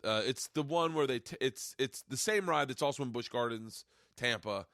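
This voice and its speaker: A man hosting a podcast, telling a rambling, excitable story in casual chat. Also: mid-range voice, normal speed, no room sound, studio quality. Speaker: podcast host. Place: home studio.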